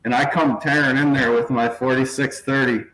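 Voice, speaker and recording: A man talking loosely over a laptop from a small shop office, which gives his voice a roomy echo. His pitch sits in the middle, and he tells his story in a relaxed, rambling way. He drifts into mock voices and chuckles as he goes. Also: normal speed. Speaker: channel host. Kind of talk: casual video chat. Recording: echoey room.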